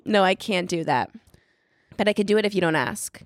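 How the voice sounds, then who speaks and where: A woman co-hosting a podcast in casual chat, teasing and quick to laugh. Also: fairly low pitch, lively intonation, dry recording. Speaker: podcast co-host.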